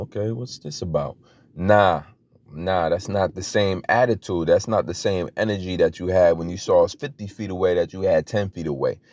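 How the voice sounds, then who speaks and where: A man's voice: lowish voice, darkish tone, no echo. A young man giving a loose, conversational teaching talk as a preacher, full of restarts and fillers. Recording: dry, dull lo-fi audio.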